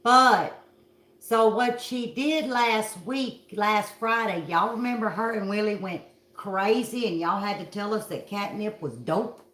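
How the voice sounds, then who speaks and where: A woman's voice: medium pitch, unhurried, a bit bright, reverberant. A middle-aged woman from Kentucky with a Southern accent, telling a story to her viewers in a folksy, dramatic way. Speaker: vlog host.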